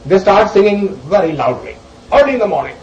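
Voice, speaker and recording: Animated man teaching scripture, echoey room. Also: high voice, a little fast, lo-fi sound. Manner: animated, emphatic, shifts between loud questions and soft asides. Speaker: spiritual teacher. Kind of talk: explaining scripture verses to a group.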